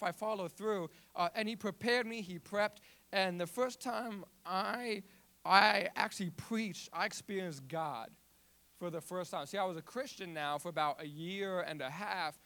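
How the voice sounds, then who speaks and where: Young man, stutter, animated testimony, higher-pitched voice. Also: a little slow. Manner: repeats and restarts words, animated storytelling. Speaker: youth ministry volunteer. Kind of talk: personal testimony.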